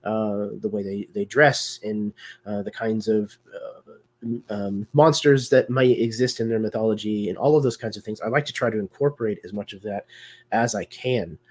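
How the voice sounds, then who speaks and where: A man's voice: lowish voice, moderate pace. A man hosting a live video discussion, talking casually with many fillers and restarts. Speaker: host.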